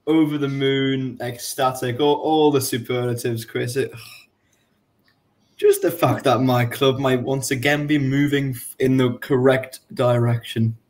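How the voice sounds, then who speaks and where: A young man guesting on a football podcast over a video call, halting and laughing easily as he tells stories. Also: medium pitch, steady tone, darkish tone. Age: young adult. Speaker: podcast guest, fan blogger. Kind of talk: casual football podcast chat.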